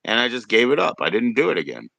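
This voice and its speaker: Man, bright edgy voice, meandering storyteller, dry close sound. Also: mid-range voice, very animated, fast talker, creaky, no echo. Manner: meandering, full of "you know". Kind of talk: casual chat.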